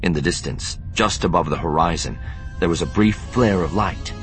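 A man narrating an audiobook with a measured, expressive reading. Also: low voice, faint music behind. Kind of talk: scripted narration.

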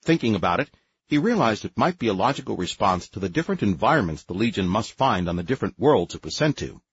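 A man narrating an audiobook in a low, husky voice with a lively, rolling delivery. The recording is dry and slightly dull, like lo-fi audio. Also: fast. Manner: lively, expressive reading. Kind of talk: scripted narration.

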